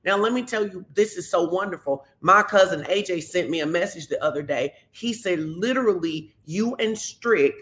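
A woman pastor, giving a conversational sermon and telling stories lively, acting out the quotes. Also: fairly low pitch, normal speed, few pauses. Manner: animated storytelling, acts out quotes.

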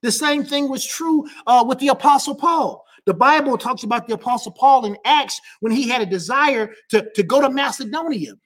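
A woman pastor preaching a sermon with passion, repeating key lines and rising to shouts at the high points. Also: moderate pace, few pauses.

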